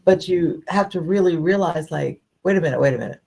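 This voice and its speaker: Very low gravelly woman musing. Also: a little fast, mellow. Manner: thoughtful, musing, many fillers. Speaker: podcast co-host. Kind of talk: casual faith discussion.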